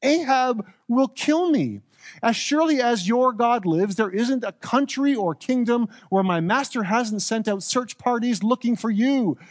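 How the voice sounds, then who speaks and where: A man's voice: very high-pitched, animated, no echo. A man voicing a fearful royal servant who pleads in a worried rush. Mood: anxious. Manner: worried, rapid protest.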